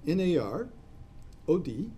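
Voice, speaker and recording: Guy lecturing a class, warm mellow voice, rambly asides, spells words out letter by letter. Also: on the high side, sing-song, takes it slowly, a little hiss or hum. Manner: discursive, spells out terms letter by letter.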